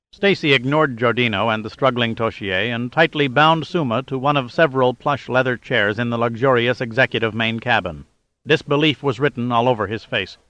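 Give me a man narrating a thriller with a bright, crisp voice. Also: mid-range voice, brisk, no room sound. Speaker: audiobook narrator. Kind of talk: scripted narration.

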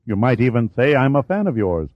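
A man's voice: mid-range voice, big pitch swings, a little fast, no echo, dull audio, natural voice. A man voicing a courteous, formal naval commander in an audiobook reading. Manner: formal, polite, smooth.

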